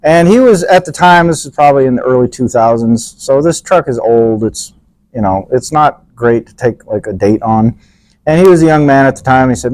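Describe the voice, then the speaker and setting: A man's voice: mid-range voice, normal speed, darkish tone, dry recording, low-quality recording. A man co-hosting a podcast, chatting casually, joking and swearing freely. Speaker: podcast co-host. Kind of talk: casual chat.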